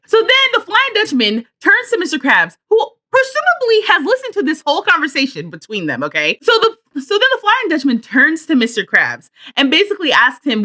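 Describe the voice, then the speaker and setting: A woman giving a casual voice-over, her pitch bouncing all over as she retells a story with emphatic, slangy flair. Her voice sits fairly high and sounds bright and sharp. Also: big pitch swings, a little fast. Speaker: Sims builder and vlogger.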